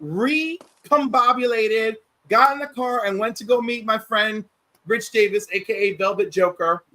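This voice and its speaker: A man hosting a livestream, telling stories in a casual, animated way and acting out quotes. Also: high voice, a little slow, no echo, low-quality recording. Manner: animated, acts out quotes, many restarts. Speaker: livestream host. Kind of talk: casual storytelling chat.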